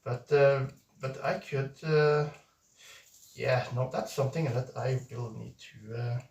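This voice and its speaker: A man's voice: medium pitch, steady tone, slow pace, vocal fry, darkish tone. A man streaming live and chatting with viewers in a playful, hesitant way, full of fillers and restarts. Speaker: streamer reading viewer messages. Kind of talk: casual live-stream chat. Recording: roomy echo, distant mic.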